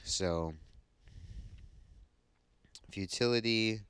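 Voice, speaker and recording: Deep-voiced, slow, sleepy man reading tarot. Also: a bit bright, smooth, no echo. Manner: slow, thoughtful explaining. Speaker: tarot reader.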